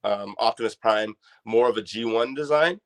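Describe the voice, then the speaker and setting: This man from Canada has a lowish voice and keeps a moderate pace. Appearing as a guest on a casual podcast, he talks about his toy collection in a relaxed, eager way.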